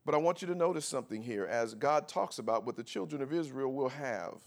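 A man pastor preaching a sermon, swinging between quiet, low passages and loud, high, shouted peaks. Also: a little fast, vocal fry, few pauses.

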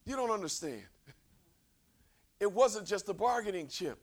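Male preacher, high and lively voice, swings between hushed asides and shouted points. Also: a little slow. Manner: conversational, repeats words for emphasis. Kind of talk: sermon.

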